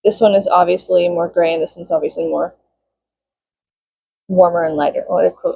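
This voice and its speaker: A woman's voice: fairly low pitch, fairly even intonation, normal speed, creaky, pauses often, dark tone, breathy edge, no echo. A young woman vlogging casually, venting with lots of swearing and bursts of mock-outraged shrieking.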